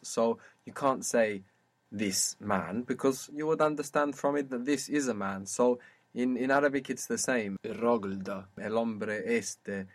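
A man explains grammar in a steady mid-range voice during a one-to-one lesson. He is patient and methodical, and he slows down to spell out and model words for his student. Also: mid-range voice. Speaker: language teacher. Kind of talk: one-to-one spoken language lesson.

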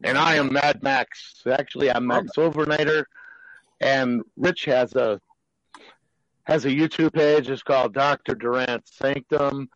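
A man co-hosting a podcast, talking slowly with halting fillers. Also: mid-range voice, steady tone, fairly bright tone, no echo, highs cut off. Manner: slow, halting, with many fillers. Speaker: podcast co-host. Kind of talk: casual chat.

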